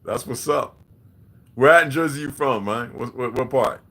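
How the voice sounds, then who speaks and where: Loud, profane middle-aged storyteller. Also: male voice, mid-range voice, moderate pace. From New York. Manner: loud, profane street storytelling, talking to chat. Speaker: livestream host. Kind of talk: casual livestream storytelling.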